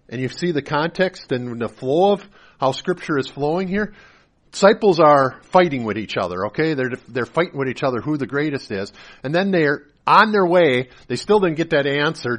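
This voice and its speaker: A man preaching a sermon as pastor, moving from quiet, conversational storytelling to loud, impassioned preaching with repeated phrases. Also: on the high side.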